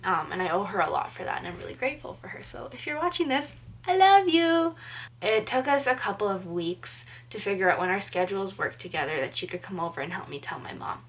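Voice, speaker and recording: A woman's voice: fairly low pitch, quick pace, hardly any pauses, a bit bright. A young woman from Canada telling a personal story to camera, in an earnest, chatty way full of "like" fillers. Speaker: vlogger.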